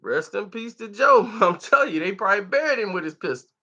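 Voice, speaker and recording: A man vlogger giving comedic reaction commentary, laughing often and jumping into impressions. His voice is bright and very lively in pitch. The recording is dull and lo-fi. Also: fast talker. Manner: animated, laughs often, acts out the people he talks about.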